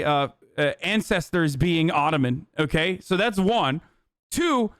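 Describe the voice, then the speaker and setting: A young man hosts a live stream and rants about the news, swearing often and working himself up. His voice sits a little high and comes through smooth and resonant. The mic is close and dry, with no room sound. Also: no echo. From Turkey. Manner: profane, animated ranting. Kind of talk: casual live-stream commentary.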